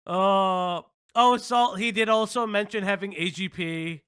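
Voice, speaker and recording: A man's voice: sits high, steady tone, measured pace, fairly bright tone, smooth, dry recording, clean studio sound. A man hosting a commentary stream, talking sarcastically and joking about the clips he plays. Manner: sarcastic, jokes and laughs at the clips. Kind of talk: mocking commentary.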